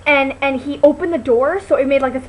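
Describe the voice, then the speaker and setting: A woman's voice: high-pitched, steady tone, fairly quick, rough recording. A woman vlogging in a rambling, casual way on a computer mic. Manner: rambling, full of "like" and restarts. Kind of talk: casual chat to camera.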